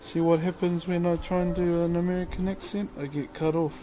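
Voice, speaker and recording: A man's voice: high voice, fairly even intonation, a little fast, warm tone. Easygoing New Zealand man streaming, music behind. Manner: easygoing, greets viewers as brother, laughs often. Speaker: livestreaming woodcarver. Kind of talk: casual livestream chat while working.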